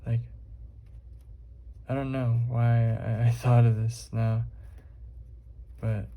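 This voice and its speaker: A man's voice: medium pitch, flat delivery, slow, vocal fry, warm tone. A young man vlogging while he draws, rambling casually with lots of fillers and swearing. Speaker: art vlogger.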